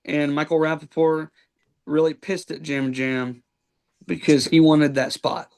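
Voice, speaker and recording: Guy hosting a podcast, kinda high voice, rambly recap full of ums and likes. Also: little pitch movement, a little slow, gravelly, darkish tone. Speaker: podcast host. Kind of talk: casual recap chat.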